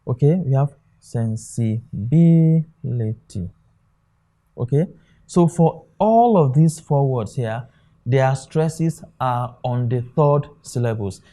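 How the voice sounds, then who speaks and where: Taking things slowly, an exam tutor with a mid-range, mellow and warm voice goes over board examples in a classroom lecture. He keeps stopping to say "okay" and check that everyone follows.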